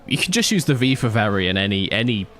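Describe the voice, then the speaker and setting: A man's voice: fairly low pitch, sing-song, fast, fairly bright tone, slight background noise. A man casually chatting on a live stream while playing a racing management game, joking with chat and laughing often into a desk microphone with a pop filter. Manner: jokey, laughs often, reads chat aloud.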